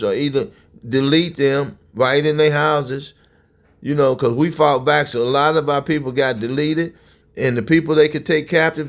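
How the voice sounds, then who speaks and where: A man preaching fiery religious commentary in a confrontational way, often breaking into shouts. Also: fairly high pitch.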